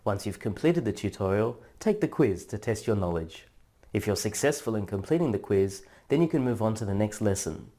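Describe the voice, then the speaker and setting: A man narrating a scripted language lesson in a measured, instructional way, drawing out syllables for practice. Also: on the low side, expressive, warm tone. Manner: slow, measured, drawn-out syllable drills. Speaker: language teacher.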